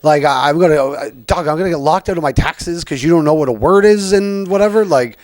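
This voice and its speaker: A man's voice: on the high side, fairly quick, a little mellow, dry recording. Podcast host, man, rambling profane rant, dry close sound. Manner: rambling, profane, frequent fillers. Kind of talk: casual rant.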